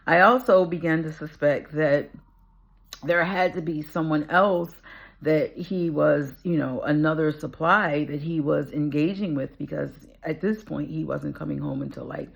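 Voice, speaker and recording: Low, gravelly-voiced woman sharing her story. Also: muffled recording. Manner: earnest, reflective, many fillers like "you know". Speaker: attorney sharing personal story. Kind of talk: personal testimony vlog.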